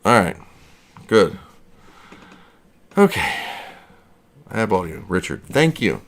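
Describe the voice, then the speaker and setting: A man with a fairly low voice talks on a casual livestream, out of breath and rambling. He jokes at his own expense as he chats. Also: huge pitch swings, slow, a bit bright. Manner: rambling, self-deprecating, jokey. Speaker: livestream host.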